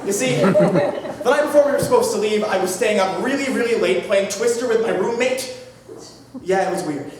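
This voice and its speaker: A young man narrating a comic story to a live audience, mock-grand and theatrical, with sudden shouted lines. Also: high-pitched, animated, moderate pace, slight background noise. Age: young adult. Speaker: narrator of an a cappella comedy skit. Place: performance hall. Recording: roomy hall from far off, crowd.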